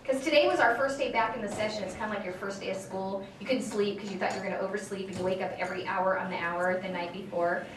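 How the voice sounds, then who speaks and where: A tired woman from California, a state assembly member telling an audience a lively story and acting out both sides of the dialogue. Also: medium pitch, quick pace, hardly any pauses, noisy background. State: tired from lack of sleep. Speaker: state assembly member speaking to a political group. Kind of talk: casual storytelling speech. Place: meeting hall with an audience. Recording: echoey room, speaker far from the mic.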